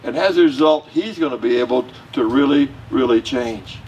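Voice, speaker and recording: A man's voice: medium pitch, normal speed, a little mellow, husky, lo-fi sound. A male pastor with a Southern US accent preaching a sermon in a conversational, joking way to his congregation. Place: church sanctuary. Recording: distant mic with faint room noise.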